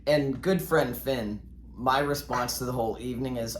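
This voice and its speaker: A man's voice: mid-range voice, normal speed. A man co-host drops dry, teasing comments into the conversation. His voice echoes in a roomy space over a faint bed of noise. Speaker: podcast co-host. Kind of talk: casual chat.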